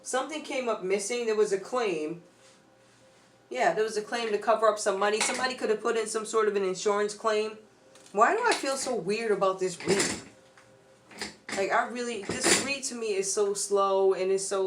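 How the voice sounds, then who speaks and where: A woman's voice: mid-range voice, a little hiss or hum. Lady doing a tarot read for her viewers, casual and rambling, medium voice. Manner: chatty, loose, addresses viewers directly. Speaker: tarot reader. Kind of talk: casual tarot reading to camera.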